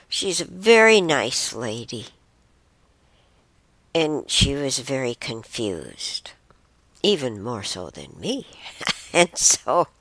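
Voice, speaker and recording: Slow, lively-voiced woman telling stories. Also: rumbling low, no room sound. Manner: rambling, restarts and corrects herself. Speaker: show host. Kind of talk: casual personal storytelling.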